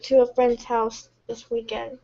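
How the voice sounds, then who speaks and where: A tired woman speaking softly and haltingly in a late-night confessional live stream from home, stumbling and restarting as she gets emotional. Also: fairly high pitch, level tone, vocal fry, dull audio. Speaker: vlogger.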